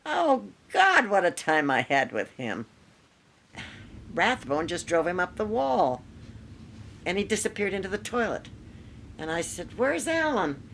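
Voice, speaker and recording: An older woman in an archival interview, telling lively anecdotes and mimicking the people in them. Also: lowish voice, measured pace, long pauses, slight background noise. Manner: animated storytelling with laughs and mimicry. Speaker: radio writer, interviewee.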